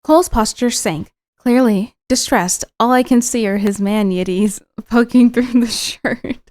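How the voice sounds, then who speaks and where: A woman's voice: on the high side, unhurried, darkish tone, no room sound, studio quality. Giggly young woman narrating a visual novel. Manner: giggly, teasing asides between narration. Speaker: streamer. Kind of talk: reading and reacting to a visual novel.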